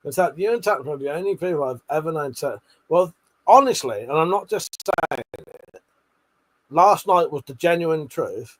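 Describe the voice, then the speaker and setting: A man's voice: fairly high pitch, expressive, moderate pace. A man hosting a casual late-night livestream, reading out chat messages with lots of swearing, laughter and joking banter.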